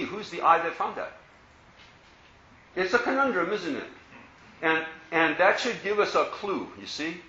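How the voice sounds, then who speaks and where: A man's voice: fairly high pitch, big pitch swings, moderate pace, long pauses, bright, forceful tone. A man teaching as a Buddhist teacher, giving a playful dharma talk to an audience and asking many rhetorical questions. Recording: roomy, slightly dull recording.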